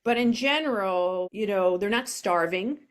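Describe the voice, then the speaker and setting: Middle-aged woman, coach type, soft, reflective, unhurried, mid-pitched, home video-call sound. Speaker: self-compassion coach. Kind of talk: interview guest, casual explanation.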